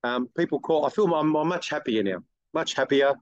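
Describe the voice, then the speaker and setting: A middle-aged man, a guest telling blunt, lively stories in an interview and acting out other people's lines. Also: on the high side, fairly quick, dry recording, lo-fi sound. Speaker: guest, car detailing business owner. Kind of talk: casual interview storytelling.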